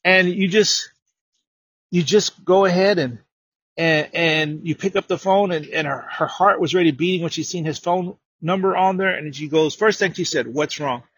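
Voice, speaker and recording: Husky guy preaching, a bit high, repeats himself a lot then gets loud and punchy. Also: normal speed, no room sound, muffled recording. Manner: storytelling, repeats words, rises to loud emphatic preaching. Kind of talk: sermon.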